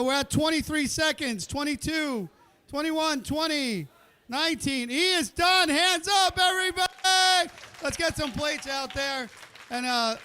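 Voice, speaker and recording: A man's voice: very high voice, fairly bright tone. A man hosting a live cooking competition, calling the countdown and joking with the chefs and the crowd. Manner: joking, chatty, cheers the crowd on. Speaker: event host. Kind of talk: live play-by-play emceeing. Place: indoor cooking event kitchen.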